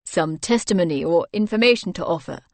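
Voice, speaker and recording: A woman voicing a confident, teasing newlywed man in a low, fond manner for an audiobook. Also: animated, brisk, no echo.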